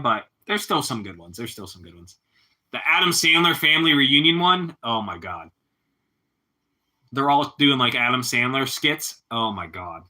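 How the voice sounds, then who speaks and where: A man's voice: mid-range voice, pushed and bright. A man chatting casually with his livestream viewers in a laid-back way, laughing often and ending lines with "bro" and "man.".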